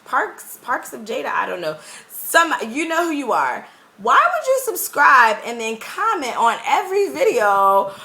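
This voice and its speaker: A young woman talking straight to her camera in a casual vlog, rambling and animated. Her voice is bright and sits a little high. The room around her is echoey. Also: normal speed. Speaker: vlogger and English teacher.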